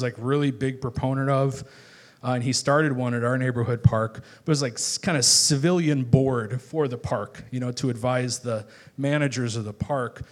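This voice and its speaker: A man from Chicago, a guest on a live stage show, telling stories in a rambling, casual way with lots of filler words. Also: medium pitch. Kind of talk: casual onstage chat. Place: live show at a bar venue.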